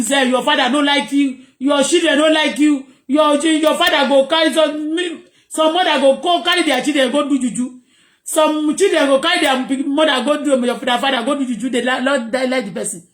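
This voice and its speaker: A Nigerian woman with a very high, piercing voice rants to her viewers, hammering the same warnings over and over. She flips between Pidgin, English and Yoruba, and the room around her rings with a hollow echo. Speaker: vlogger. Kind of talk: ranting monologue to viewers. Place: home.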